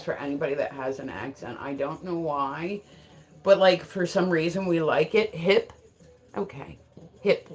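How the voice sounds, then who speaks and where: A woman's voice: fairly low pitch, a bit bright. Woman streamer, chatty and frank, keeps saying like, jokes around. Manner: rambling, frequent filler words; joking and frank. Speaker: live streamer. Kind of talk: casual live-stream chat.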